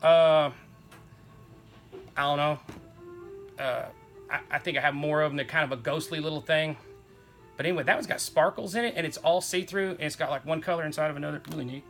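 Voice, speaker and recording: A man's voice: on the high side, brisk, long pauses, a bit bright, soft background music. A middle-aged man, rambling enthusiastically as he shows off his toy collection. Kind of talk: casual show-and-tell chat.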